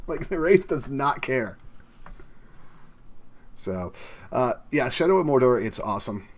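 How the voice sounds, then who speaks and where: A man co-hosting a casual gaming podcast, rambling in a relaxed way with plenty of fillers. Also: medium pitch, a little slow, pauses often. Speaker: podcast co-host.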